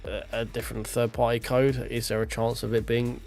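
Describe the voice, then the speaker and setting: A man's voice: mid-range voice, little pitch movement, fairly quick, a little mellow, faint music behind. A millennial man, ranting bluntly and swearing freely in casual stream chat. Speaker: sim racing streamer.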